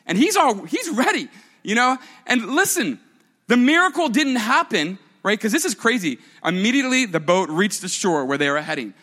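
A male pastor delivers an animated sermon, talking to his congregation like friends and dropping playful asides. His voice sits high and bright. It sounds like he is preaching in a church. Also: normal speed, big-room sound.

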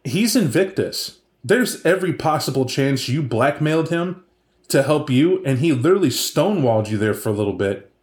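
Man playing a cautious father figure, measured warning tone, echoey room. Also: a little high, animated, a little mellow, lightly acted. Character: wary father warning his vampire son.

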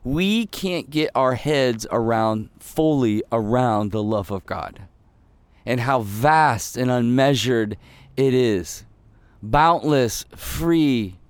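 A man preaching a sermon in an earnest voice that drops soft and low, then rises with emphasis. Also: slow pace, clean tone, dry recording. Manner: earnest, swings between soft intimate lows and rising emphatic peaks. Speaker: pastor.

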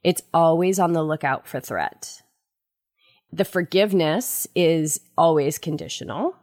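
A woman with a slightly low voice talks earnestly about the ego on her podcast. She tells a personal story and jumps up in pitch when she acts out the people in it. The sound is close and dry, with no room in it. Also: measured pace, no echo. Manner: earnest, storytelling, animated quoting. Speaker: podcast host. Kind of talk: spiritual self-help podcast talk.

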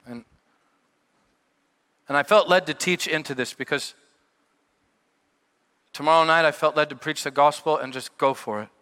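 A middle-aged male pastor preaching a sermon, telling stories with sudden shouted peaks and quieter asides. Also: on the high side, moderate pace, long pauses. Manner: animated storytelling with shouted peaks and dropped asides. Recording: long hall reverb.

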